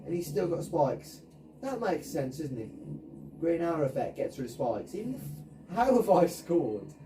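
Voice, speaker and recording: A man's voice: a little high, sing-song, a little slow, warm tone, a little hiss or hum. A man commentating his own video game match, swearing and ranting at his teammates. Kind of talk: frustrated gameplay commentary. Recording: voice distant from the mic.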